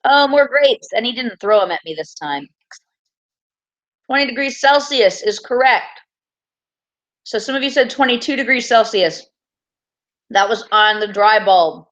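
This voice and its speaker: A woman teacher running a classroom quiz review, upbeat and teasing, reading each answer choice slowly and clearly. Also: medium pitch, expressive, fairly bright tone, highs cut off.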